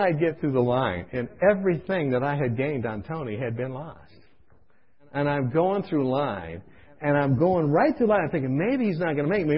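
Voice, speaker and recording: A man preaching through a comic personal story, animated and acting out scenes, in a dull lo-fi recording. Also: a little high, breathy edge. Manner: animated, comic, acts out voices.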